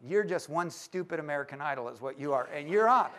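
A man with a notably high voice gives a live talk to a room of church leaders. He is lively and playful and keeps teasing his listeners as he goes. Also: fast. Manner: lively and joking, teases the audience. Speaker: speaker at a church leaders' conference.

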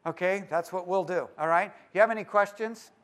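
An animated man speaking to a live congregation, acting out the people in his story as he goes. His voice sits high for a man. He speaks as a pastor. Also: a little fast. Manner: animated storyteller, acts out both sides of a phone call. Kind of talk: sermon storytelling to a live audience.

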